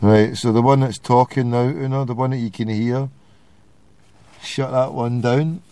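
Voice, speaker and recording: A man with a Glaswegian accent runs a casual call-in show. He banters and teases his callers. His voice sits in a middling pitch. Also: steady tone, measured pace, mellow, smooth. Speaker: host of a call-in internet radio show. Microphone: phone call.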